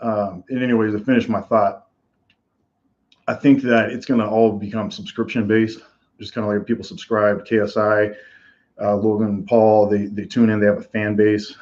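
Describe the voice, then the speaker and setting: A man's voice: lowish voice, level tone, moderate pace, a little mellow, dull audio. A man hosting a live combat sports reaction stream, talking in a casual, rambling way with lots of fillers. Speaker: host.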